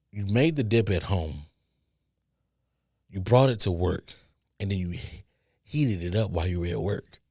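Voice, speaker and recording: A man's voice: fairly low pitch, no echo, studio quality. A man hosting a podcast, telling a story in casual chat that rambles and repeats, with stutters, restarts and free swearing. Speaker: podcast host.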